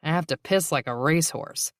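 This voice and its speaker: A woman's voice: sits low, brisk, no room sound, clean studio sound, lightly acted. A woman voicing a blunt, wisecracking woman police detective in her forties, tired and joking, in an audiobook. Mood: weary.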